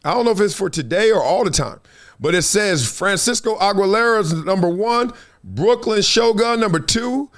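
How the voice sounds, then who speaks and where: A middle-aged man, a former football player, hosting a casual livestream in an animated, slangy, joking way. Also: high voice, normal speed.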